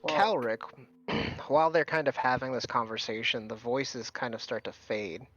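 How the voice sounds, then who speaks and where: A male game master narrating a tabletop game scene. He talks in a relaxed, hedging way, full of fillers, at a middling pitch. The recording sounds dull and lo-fi. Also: moderate pace.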